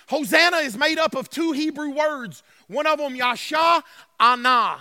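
High, bright-voiced preacher. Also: male voice, animated, normal speed, no echo. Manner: preaching with shouted bursts and hushed passages; calls to the congregation, y'all. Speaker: pastor. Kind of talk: sermon. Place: church sanctuary.

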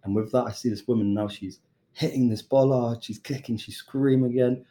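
A young British man, a chef, casually telling a lively story and acting out the voices of the people in it. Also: mid-range voice, fairly quick. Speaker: chef and podcast guest.

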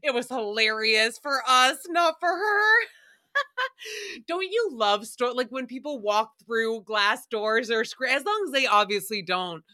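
A woman's voice: fairly high pitch, lively intonation, unhurried, hardly any pauses, pushed and bright. A young woman hosting a podcast recap, rambling casually through stories and often breaking into giggles. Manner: giggly, rambling storyteller who breaks into laughter. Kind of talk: casual chat.

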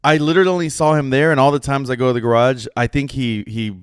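A man in casual podcast chat, animated as he acts out the voices in his story and cursing easily. His pitch sits in the middle and the room around him is dry. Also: fast, smooth, no echo. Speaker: podcast co-host.

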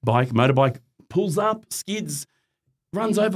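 A man's voice: lowish voice, quick pace. A middle-aged man with an Australian accent, telling a personal story in casual chat as a podcast guest, acting out the voices in it. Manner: animated, acts out quoted voices, laughs often.

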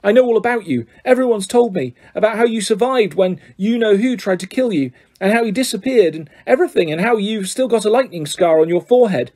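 A man's voice: high voice, animated, fairly quick, few pauses, a little mellow, pitched above the performer's own voice. A man doing a breathless, eager little schoolboy. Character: eager starstruck young schoolboy, small and breathless.

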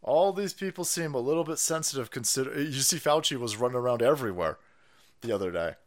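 A man's voice: medium pitch, fast. Foul-mouthed man ranting on stream. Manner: foul-mouthed, mocking, sarcastic, animated. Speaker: streamer host. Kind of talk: profane ranting commentary.

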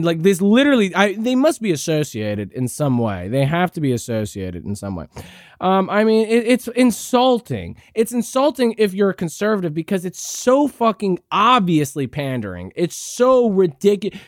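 A man's voice: high-pitched, sing-song, normal speed, dry recording, clean studio sound. A man hosting a podcast, ranting sarcastically with lots of swearing and restarts. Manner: profane, rambling, sarcastic; frequent restarts and fillers. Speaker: podcast host. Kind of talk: ranting commentary.

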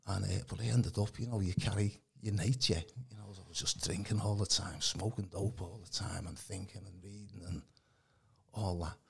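A man's voice: deep voice, fairly even intonation, fairly quick, few pauses, a little mellow. A man, giving a rambling casual testimony as a podcast guest, full of colloquial fillers. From Birkenhead, England. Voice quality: gravelly, very husky.

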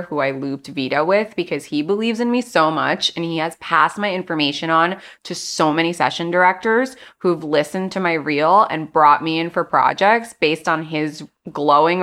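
A young adult actress talking casually as an interview guest, chatty and animated, acting out quotes as she tells stories. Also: sits low.

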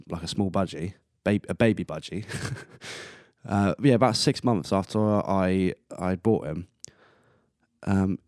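A man's voice: sits low, a little mellow, no room sound, clean studio sound. A man hosting a casual solo podcast, rambling and chatty, swearing casually and laughing at himself. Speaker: podcast host.

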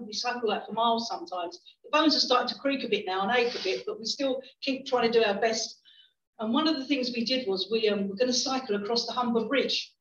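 A middle-aged woman, a chatty visiting preacher who restarts often, tells stories in a church hall sermon in a slightly high voice. The recording is roomy, distant and dull, with slight background noise.

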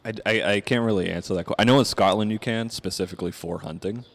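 Deep-voiced, hesitant podcast guy. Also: quick pace. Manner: hesitant, lots of fillers and restarts. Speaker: podcast co-host. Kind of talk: casual chat.

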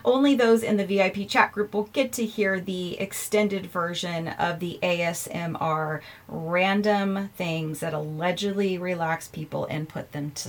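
A woman hosting her own podcast in a casual, chatty way, self-mocking and laughing often as she records herself. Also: medium pitch. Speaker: podcast host. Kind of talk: casual chat. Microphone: earphones in, recording herself.

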